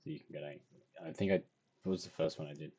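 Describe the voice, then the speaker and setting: A man's voice: extremely low pitch, fairly even intonation, fast talker, warm tone, husky. A tired young man, rambling and self-deprecating as he talks through his drawing in a casual video diary. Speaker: vlogger.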